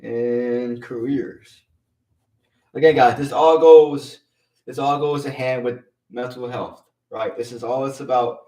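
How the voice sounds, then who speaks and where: A man hosting a casual live stream, talking earnestly and haltingly, repeating himself and getting teary. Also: medium pitch, steady tone, mellow, echoey room, far from the mic. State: teary, emotional.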